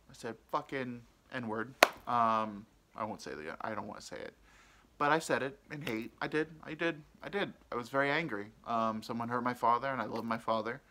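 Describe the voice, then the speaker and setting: A man's voice: mid-range voice, very noisy. A man hosting a podcast, telling a rambling personal story, hesitant, with many ums and restarts. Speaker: podcast host.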